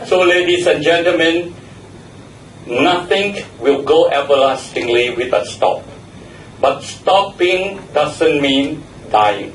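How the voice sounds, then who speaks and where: A man's voice: a little high, slow pace, recorded from a distance, a little hiss or hum. Give me a joking man, speaking in an echoey room. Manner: joking, chatty, laughs at his own stories. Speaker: general evaluator at a speaking club meeting. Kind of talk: humorous encouraging club speech. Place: meeting room. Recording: echoey room, picked up from afar.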